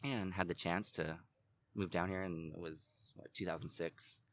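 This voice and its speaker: A middle-aged American man with an American accent, chatting as a guest in a relaxed, rambling way. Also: deep voice, normal speed. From United States. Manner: relaxed, rambling, many fillers. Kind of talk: casual interview chat.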